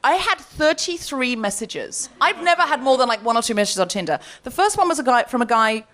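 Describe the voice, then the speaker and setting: A woman hosting a live comedy podcast, telling a story on stage with lots of laughing and animated delivery. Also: sits high, brisk.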